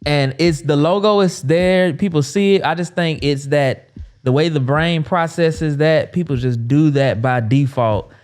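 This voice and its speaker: A man in his thirties, an agency owner, talking casually and with animation about business names, full of quick asides. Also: fairly high pitch, darkish tone. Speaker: agency owner and podcast host.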